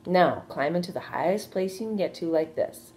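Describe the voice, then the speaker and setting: A woman's voice: fairly low pitch, normal speed, slight background noise, close to an everyday voice. Woman doing a wise, patient lady spider. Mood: calm. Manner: calm, gently instructive storybook voice.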